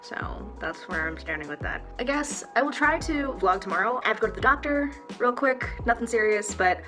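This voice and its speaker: A woman's voice: on the high side, animated, brisk, music in the background. A young woman vlogging casually about books and her writing, rambling and candid with lots of fillers and restarts. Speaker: book vlogger. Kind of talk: casual reading vlog chat.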